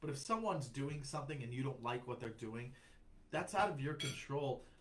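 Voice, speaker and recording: A man's voice: mid-range voice, animated, moderate pace, fairly bright tone, poor audio. A young man chatting on a comedy podcast as a guest, rambling and reflective, with many restarts. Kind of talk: casual podcast chat.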